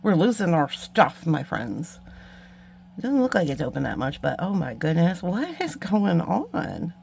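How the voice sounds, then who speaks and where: A woman's voice: lowish voice, sing-song, a little slow, creaky, darkish tone, a little hiss or hum. A woman hosting a beading tutorial, chatting casually and mocking herself while she works, with muttered asides to the viewers. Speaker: beading channel host. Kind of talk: casual craft tutorial chat.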